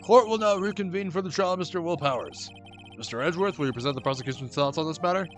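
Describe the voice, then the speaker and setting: A man's voice: on the high side, quick pace, faint music behind, natural voice. A man reading a stern, officious judge. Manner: formal, officious. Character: stern older male courtroom judge.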